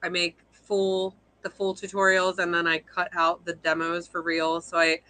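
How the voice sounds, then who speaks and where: A woman's voice: on the low side, completely flat delivery, normal speed, sharp tone, no echo, low-quality recording. A young woman, a fiber artist guest, chatting casually on a live video call, rambling and self-deprecating with frequent laughs.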